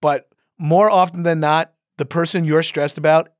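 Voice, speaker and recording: Guy in his 30s chatting on a podcast, kinda high voice, laughs a lot, swears, dry close mic. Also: steady tone, no room sound. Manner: swears often, laughs a lot, quick asides. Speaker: podcast host. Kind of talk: casual podcast chat. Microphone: studio mic with headphones.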